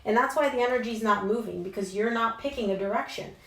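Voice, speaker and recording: A woman's voice: fairly high pitch, fast, fairly bright tone. Young woman reading tarot, casual and emphatic, slangy, roomy sound. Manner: chatty and emphatic, slangy asides. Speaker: tarot reader. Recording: roomy echo.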